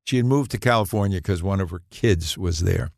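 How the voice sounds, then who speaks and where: A man in his eighties, a podcast guest, telling anecdotes in an animated way and laughing at his own punchlines. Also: low voice, brisk, creaky, dry recording, clean studio sound. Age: 80s. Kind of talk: storytelling in a podcast interview.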